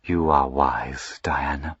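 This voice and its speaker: A man voicing a sinister, predatory aristocratic duke who speaks in a soft, purring, imperturbable way, dropping at times to a whisper. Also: rumbling low, steady tone, slow pace, breathy edge, no echo, pitched below the performer's own voice, heavily acted. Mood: smug. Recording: dull lo-fi recording.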